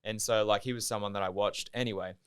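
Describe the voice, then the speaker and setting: A man's voice: fairly low pitch, fairly even intonation, fast talker, fairly bright tone, smooth. A young Australian man, a podcast guest, telling a casual story in a rambling way, full of "like" and swearing. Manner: rambling, heavy use of "like", swears freely.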